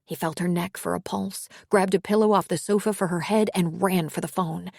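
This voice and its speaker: A woman narrating an audiobook in an even, measured reading. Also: on the low side, vocal fry, husky, no room sound, studio quality. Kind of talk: scripted narration.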